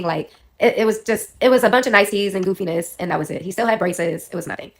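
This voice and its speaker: Quick-talking woman, under the weather. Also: medium pitch, fairly bright tone. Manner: quick, rambling, self-correcting storyteller. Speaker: storyteller in a clip. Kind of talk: personal storytime.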